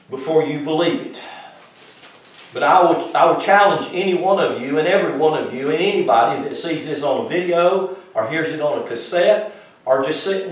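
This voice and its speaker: A man preaching a Bible-teaching sermon, emphatic and questioning his congregation directly. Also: on the high side. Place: congregation room. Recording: very echoey room from far off.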